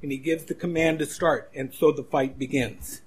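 Higher-voiced man preaching conversationally. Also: fairly even intonation, moderate pace, husky. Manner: conversational storytelling with restarts. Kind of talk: sermon.

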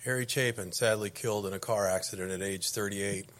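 A man's voice: on the low side, steady tone, a little fast, fairly bright tone. A middle-aged man preaching a conversational sermon to a congregation, folksy and anecdotal, often restarting his sentences.

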